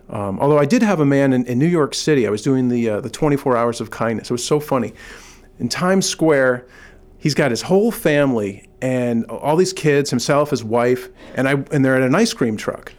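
A man's voice: medium pitch, normal speed, darkish tone. Earnest, enthusiastic middle-aged man. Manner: earnest and enthusiastic, with frequent restarts. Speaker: kindness advocate, guest. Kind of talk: casual interview talk, storytelling.

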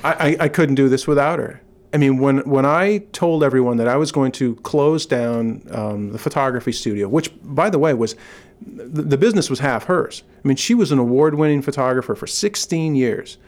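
A man's voice: medium pitch, normal speed, a little mellow. Middle-aged male interview guest, earnest and upbeat, plain mid-range voice, casual and restarting. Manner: earnest and enthusiastic, with frequent restarts. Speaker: kindness advocate, guest. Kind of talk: casual interview talk, storytelling.

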